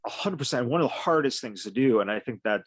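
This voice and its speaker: A male podcast host rambles through his thoughts in a relaxed, unpolished way, cursing casually as he goes. His voice is mid-pitched and sits very close and dry on the mic, with no room sound around it. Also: fast, husky, no room sound. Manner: loose and rambling, swears freely. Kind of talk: casual conversation.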